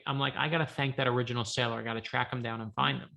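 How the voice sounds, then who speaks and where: A man, an author, telling a lively story on a video call from his home office, acting out the dialogue. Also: medium pitch, very fast, creaky. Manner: lively anecdotal, acts out dialogue. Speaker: author guest. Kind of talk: animated storytelling.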